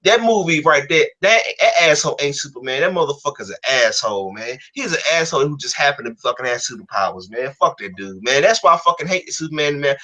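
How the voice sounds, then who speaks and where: Fast, bright-voiced man ranting angrily. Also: on the high side, animated. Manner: profane, angry, repeats himself. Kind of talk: heated casual rant.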